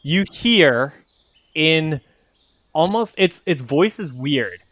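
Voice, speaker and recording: A man's voice: a little high, lively intonation, slow, a bit bright, no room sound. A man running a tabletop game as game master, describing things in a meandering way with many fillers.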